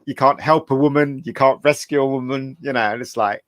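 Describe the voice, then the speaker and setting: A man guest in a casual film chat, emphatic and quick to agree. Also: medium pitch, fairly even intonation, dry recording, studio quality. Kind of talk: casual chat about films.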